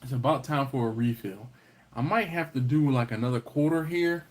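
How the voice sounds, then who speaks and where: A man's voice: mid-range voice, normal speed. A man hosting a casual livestream, reading viewer comments and teasing the chat. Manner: playful, teasing, banters with chat. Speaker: livestream host.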